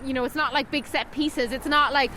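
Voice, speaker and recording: A woman with a high voice co-hosts a film podcast and chats in a lively, emphatic way. She is quick to agree, then carries on with her own take. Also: slight background noise. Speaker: podcast co-host. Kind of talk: casual film review chat.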